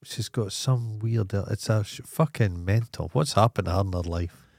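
A man's voice: lowish voice, moderate pace, vocal fry, a little mellow, no room sound, studio quality. A Scottish man co-hosting a podcast, telling crude stories in a blunt, sweary way. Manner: blunt, sweary, jokey storyteller. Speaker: podcast co-host. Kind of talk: crude casual chat.

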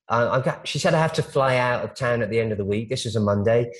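A man's voice: medium pitch, fairly quick, rough recording. A man, a stylist, chatting as a guest in an interview, telling long stories full of restarts and fillers. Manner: rambling, storytelling with frequent restarts and fillers. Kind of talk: casual interview chat.

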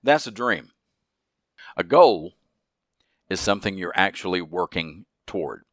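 A man's voice: deep voice, expressive, a little slow, no room sound. A man hosting a solo motivational podcast, talking earnestly and leaning hard on repeated key phrases. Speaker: podcast host.

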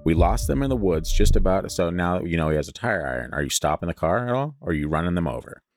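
Low-voiced guy reading a spooky story on a podcast, cracks jokes in between, faint music under it. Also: expressive, quick pace, no echo. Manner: reads listener story aloud with joking asides. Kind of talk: casual storytelling chat.

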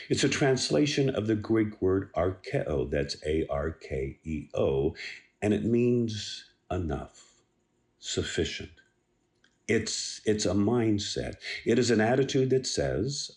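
Slow, deep-voiced man giving a devotional. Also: sing-song, darkish tone. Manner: earnest, unhurried, repeats words as he starts phrases. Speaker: radio devotional speaker. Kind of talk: Bible devotional talk.

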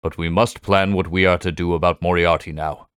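A brilliant middle-aged detective, read by a man, speaks calmly and with measured, faintly superior poise. The voice sits very low. The sound is dry and close, with no room around it. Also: clear, resonant tone, no room sound. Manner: calm, measured, quietly superior. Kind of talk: audiobook character voice.

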